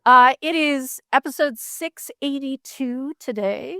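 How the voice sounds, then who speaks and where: A woman's voice: high voice, takes it slowly, bright, forceful tone, dry recording, studio quality. A woman hosting a talk show, opening it in an upbeat, easygoing way and laughing easily. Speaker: host. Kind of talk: casual show banter. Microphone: studio mic.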